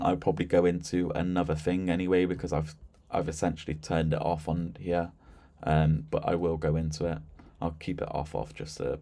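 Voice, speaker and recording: A man giving a casual, chatty walkthrough of a software system, with lots of fillers and a relaxed, informal delivery. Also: sits low, creaky. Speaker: software demonstrator. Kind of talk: casual screen-share product walkthrough.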